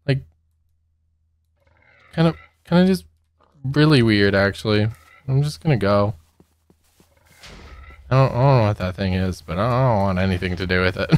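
A man's voice: on the low side, big pitch swings, a little slow, long pauses, no echo. A young man giving casual let's-play commentary, nervous and giggly, talking to the monsters he meets. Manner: nervous, giggly, talks to mobs. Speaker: gaming youtuber.

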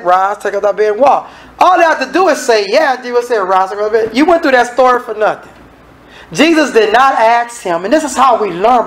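A man delivers a sermon in a relaxed, colloquial way. He reads scripture, then breaks into casual asides to the congregation. He slips into the voices of the people he describes. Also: sits high, low-quality recording. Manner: conversational, acts out the people in the scripture. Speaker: preacher.

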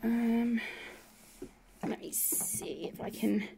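A woman with a slightly high, gravelly voice chats through a tour of her colouring corner at home. She talks slowly and rambles, teasing herself as she goes. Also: heavy background noise. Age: adult. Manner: chatty, rambling, self-deprecating. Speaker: colouring channel host. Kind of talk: casual room-tour chat.

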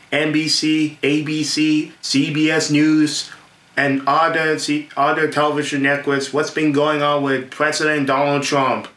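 Host, male, bright edgy voice, rambling excited rant, echoey room, camera mic. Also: on the high side. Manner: excited, repetitive, laughs often, stumbles over names.

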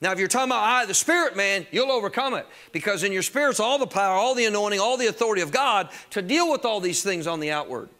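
A high, bright-voiced man preaching from the pulpit. He talks in a plain, conversational way to the congregation, then drives his points home with loud, emphatic bursts. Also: expressive, fast talker, hardly any pauses. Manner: emphatic preaching, rising to shouts on key phrases. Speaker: pastor. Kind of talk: sermon.

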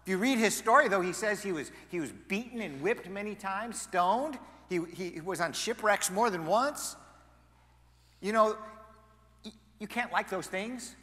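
Animated high-voiced male preacher, echoey hall. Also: measured pace. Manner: animated, swings between loud emphasis and quiet asides. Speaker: pastor. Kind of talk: sermon. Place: church sanctuary.

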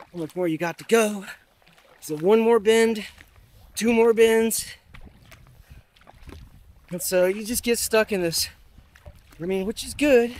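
A man vlogging from a river while paddling, chatting casually and thinking aloud with lots of asides. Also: high voice. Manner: thinks aloud, rambling, many fillers and asides. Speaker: vlogger training for a river race. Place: outdoors on a river in a kayak.

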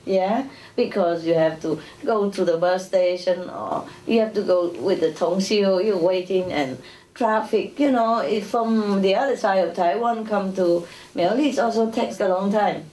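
A woman with a mellow, medium-pitched voice speaks a little slowly, giving an informal spiritual lecture to an audience. She talks conversationally, chuckling and using tag questions like "you know." The recording has an echoey hall sound, a distant mic, and faint noise.

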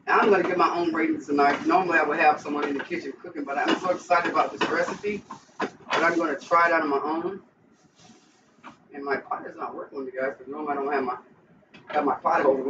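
A man with a fairly high voice gushes and exclaims his way through a casual cooking vlog at home. He sounds distant and roomy, as if caught from across the kitchen. The recording is dull and lo-fi with clear noise underneath. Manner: gushing, exclamatory, keeps saying how excited he is. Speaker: home cook channel host.

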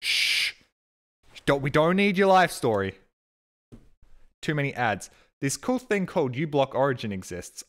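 Speaking at medium pitch, an Australian man chats casually with viewers on a live stream. He reads out chat and thanks subscribers, rambling and joking with plenty of swearing.

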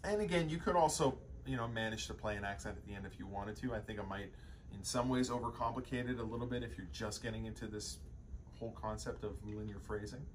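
A man's voice: on the low side, quick pace, a little hiss or hum. A young man teaching a drum lesson, explaining sticking patterns in a loose way with many fillers and restarts.

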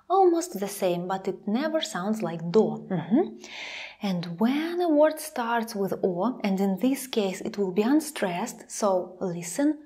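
A young woman with a Russian accent giving a pronunciation lesson, saying each example slowly twice and sometimes dropping to a whisper. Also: medium pitch, big pitch swings, dark tone, slightly rough. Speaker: Russian language teacher.

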